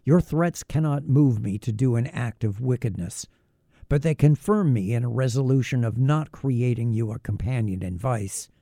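A man's voice: mid-range voice, normal speed, warm tone, no echo, studio quality, natural voice. A man voicing a defiant young male scientist, firm and indignant, declaiming in an audiobook reading.

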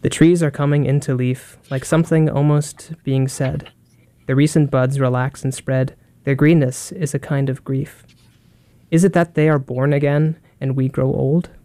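A man reading poems aloud in a calm, measured way. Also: mid-range voice, no room sound. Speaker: poetry reader. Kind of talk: poetry reading.

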